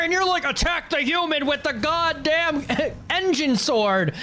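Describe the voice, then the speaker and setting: Woman streamer yelling at monsters. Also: sits high, a little slow, a little hiss or hum. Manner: swears a lot, yells at monsters; animated, swings from mutters to shrieks. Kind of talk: live gameplay commentary.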